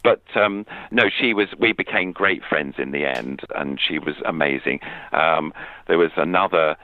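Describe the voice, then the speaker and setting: Older man in his 70s, very deep gravelly voice, halting storyteller, tinny phone-line sound. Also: dry recording. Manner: halting, warm storytelling with many restarts. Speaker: interview guest, puppeteer. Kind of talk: reminiscing interview talk.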